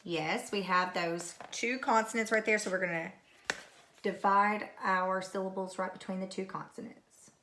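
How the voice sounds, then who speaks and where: A woman's voice: medium pitch, steady tone, moderate pace, bright, forceful tone, slight background noise. A woman teacher giving a recorded phonics lesson to young pupils, patiently repeating each word. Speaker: third grade teacher.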